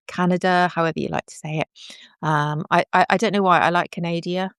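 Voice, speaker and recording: A woman's voice: on the low side, steady tone, brisk, fairly bright tone, clear, resonant tone, no echo, studio quality. A middle-aged woman, chatting in a bubbly, self-deprecating way to commenters on her live stream. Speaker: livestream host.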